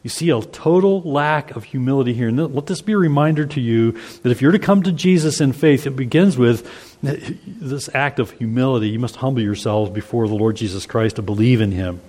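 A man's voice: mid-range voice, a little fast, a little mellow. Earnest preacher man in a reverberant hall. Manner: earnest, emphatic, reads scripture aloud. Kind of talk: expository sermon.

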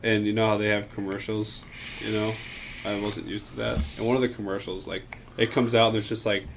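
A young man co-hosting a podcast, telling casual stories in a low-key way and tripping over his words. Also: flat delivery, fairly quick, gravelly, background noise. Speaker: podcast co-host. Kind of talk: casual chat storytelling.

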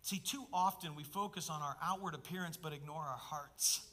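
A man delivering a sermon to his congregation. His voice sits fairly high and rings bright and forceful. He swings from emphatic, loud bursts down to hushed, intimate asides. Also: fairly quick. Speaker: pastor.

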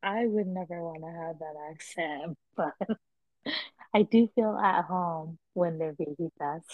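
A woman's voice: lowish voice, measured pace, no echo. Young woman cohost, chill slangy chat w lots of laughs, sounds thin like over a phone. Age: young adult. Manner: laughs often, relaxed slangy talk. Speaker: podcast co-host. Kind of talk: casual chat. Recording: tinny phone-like line.

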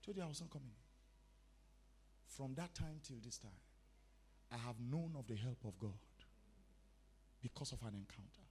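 A man's voice: mid-range voice, moderate pace, pauses often, mellow, breathy edge. A man preaching a sermon, emphatic and repetitive, hammering home key words and phrases. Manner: storytelling with acted-out dialogue.

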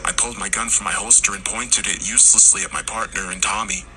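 A man narrating a horror story, acting out the characters' lines and rising to shouts in tense moments. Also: on the low side, steady tone, quick pace, slight background noise, low-quality recording. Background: music.

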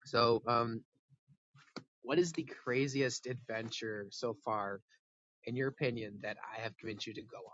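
A man's voice: medium pitch, steady tone, moderate pace, a bit bright, dry recording, muffled recording. A man co-hosting a podcast, rambling in a laid-back casual chat and laughing easily. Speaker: podcast co-host.

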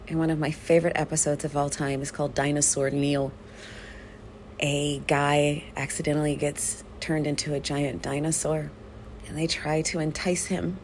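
A woman hosts a podcast in an effusive, animated manner, her voice sitting a little low. Faint noise hums behind her. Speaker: podcast host and therapist. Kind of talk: podcast monologue.

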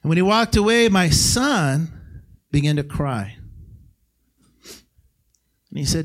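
A guest pastor, middle-aged, with a voice a little high for a man, delivers a sermon in a church sanctuary. He speaks slowly and expressively with long pauses, addressing the congregation like a friend, then bursting into loud, shouted emphasis before dropping to hushed lines.

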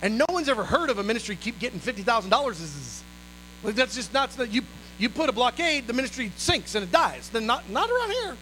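Animated high-voiced man telling a story. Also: a little fast, slight background noise, rough recording. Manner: animated, exclamatory, acts out voices. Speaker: ministry leader. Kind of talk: storytelling sermon.

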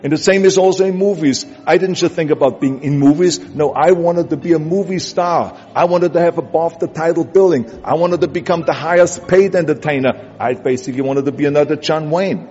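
A man's voice: fairly high pitch, brisk, few pauses, darkish tone. A man with a German accent giving an emphatic, repetitive motivational speech that urges the listener on. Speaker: motivational speaker. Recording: dull audio with long hall reverb. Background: music bed.

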